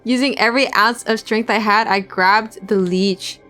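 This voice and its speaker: A woman's voice: mid-range voice, fairly even intonation, normal speed, music in the background. A young woman streamer reading visual novel narration aloud, breaking off into giggly casual asides to chat.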